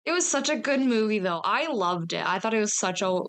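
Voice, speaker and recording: A woman's voice: mid-range voice, lively intonation, a little fast, fairly bright tone. Giggly young woman hosting a podcast. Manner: giggly, chatty, laughs often. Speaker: podcast host. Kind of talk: casual podcast chat.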